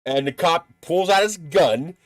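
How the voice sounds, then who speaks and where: A man's voice: fairly high pitch, a little slow, dry recording, faint music behind. A man hosting a live stream in casual chat, blunt and profane, who laughs at his own stories.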